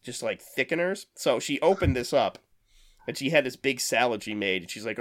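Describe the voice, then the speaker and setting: Lively man telling stories in casual chat. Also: mid-range voice, fairly quick. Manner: animated storyteller, acts out quotes.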